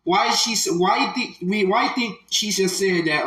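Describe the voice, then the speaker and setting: A man giving slow, emphatic, preachy commentary on a clip, repeating his phrases. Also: high-pitched, pushed and bright, roomy sound, low-quality recording.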